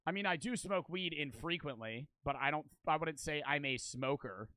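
Bright-voiced, profane young male streamer. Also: fairly high pitch, expressive, normal speed, dry recording. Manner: rambling, profane, joking. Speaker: streamer reacting to videos. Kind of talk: casual stream chat.

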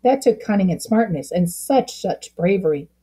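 A woman voicing a gentle, encouraging male schoolteacher in a read-aloud storybook. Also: mid-range voice, expressive, moderate pace, slightly rough. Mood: tender.

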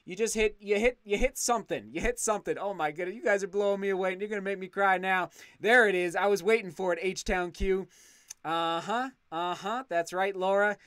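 A man's voice: high-pitched, fairly quick, a bit bright, smooth, dry recording, studio quality. A man hosting a casual livestream, reading viewer comments aloud and thanking them effusively, often restarting his sentences. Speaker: channel host reading live chat.

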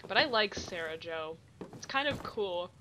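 A woman's voice: lowish voice, lively intonation, a little slow. Blunt young woman streamer, noisy mic. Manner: blunt, teasing, swears freely. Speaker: streamer playing a video game. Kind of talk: casual gaming chat.

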